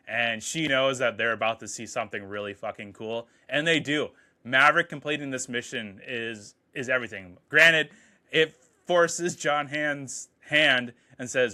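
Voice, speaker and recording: Bright-voiced excited male movie reviewer. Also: mid-range voice. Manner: excited, profane, quotes scenes in quick paraphrase. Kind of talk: casual enthusiastic movie review.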